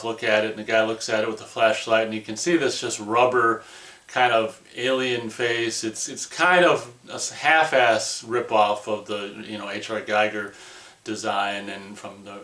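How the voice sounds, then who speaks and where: A man reviewing a movie in a casual, rambling way, excitable and full of "like" and "you know". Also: fairly low pitch, reverberant.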